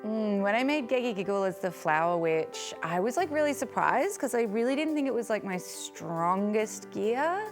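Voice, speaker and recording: A woman's voice: mid-range voice, big pitch swings, normal speed, few pauses, music in the background. A woman speaking in a hesitant way, full of fillers. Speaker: comedy student.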